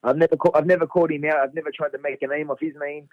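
A middle-aged Australian man, a fighter guest, telling a story in a casual, animated way, laughing and swearing freely. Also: on the high side, very fast, no room sound. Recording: dull lo-fi radio sound.

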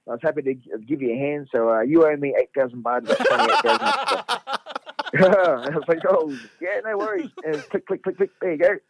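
A middle-aged Australian man, a fighter guest, telling a story in a casual, animated way, laughing and swearing freely. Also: on the high side, fairly quick, a crowd in the background. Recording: dull lo-fi radio sound.

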